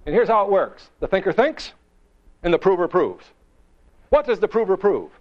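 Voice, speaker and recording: A man giving a motivational seminar to a live audience, emphatic and full of rhetorical questions, slowing and quickening for effect. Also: sits high, big pitch swings. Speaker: motivational speaker. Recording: dull lo-fi recording.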